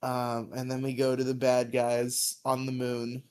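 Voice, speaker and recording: Slow-talking, rambling male podcast host. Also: medium pitch, monotone, darkish tone, clear, resonant tone. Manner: rambling, laughing, many fillers. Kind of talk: casual episode recap.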